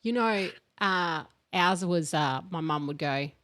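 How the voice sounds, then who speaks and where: A woman co-hosting a podcast, chatting casually and acting out her mother's scolding in lively bursts. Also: lowish voice, slow pace, no room sound, studio quality. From Australia. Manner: animated storytelling, acting out her mum's scolding voice. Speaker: podcast co-host. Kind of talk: casual chat.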